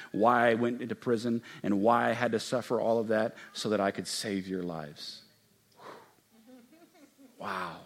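A man preaching a sermon as a pastor. He swings from hushed, intimate passages to loud, emphatic ones and acts out quoted lines slowly and with stress. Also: medium pitch. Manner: acts out quoted speech with slow, drawn-out emphasis.

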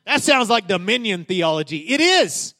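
Pastor, male, middle-aged, light high voice, chatty sermon delivery that swells into emphatic lines. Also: big pitch swings, normal speed, pushed and bright. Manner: conversational preaching with rising emphatic peaks.

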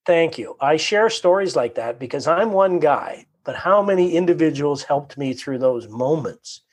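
A man from Canada, a guest in a conversation, telling a story with animated energy, acting out quotes and often repeating his words. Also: a little high, normal speed.

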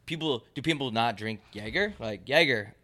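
A man co-hosting a casual podcast, ranting loudly and swinging his voice up and down as he jokes. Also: moderate pace. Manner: loud, animated ranting with big pitch jumps. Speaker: podcast co-host.

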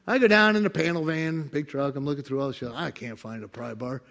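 Gravelly high-voiced preacher man. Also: fast talker, few pauses. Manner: swings from quiet asides to loud preaching, acts out quoted voices. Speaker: pastor. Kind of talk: sermon with personal stories.

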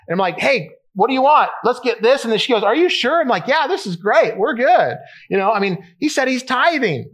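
A male pastor gives a relaxed, storytelling sermon. His voice sits slightly above the usual male range, and he talks in a loose, conversational way, full of fillers and restarts. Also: a little high.

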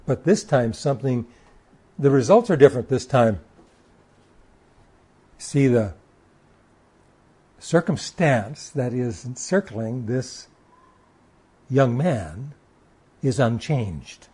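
A man delivers a sermon, reading passages of scripture and then expounding on them. His voice is warm and dark with a husky edge, and he leans into key words, sometimes stumbling into quick restarts as he drives his point home. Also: medium pitch, lively intonation. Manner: occasional stammered restarts. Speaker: preacher.

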